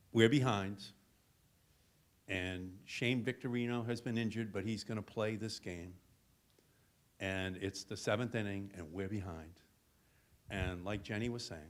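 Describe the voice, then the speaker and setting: A man on a panel at a hotel event, earnestly recalling a moment and building it up with repetition. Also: lowish voice. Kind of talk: reminiscing at a panel discussion.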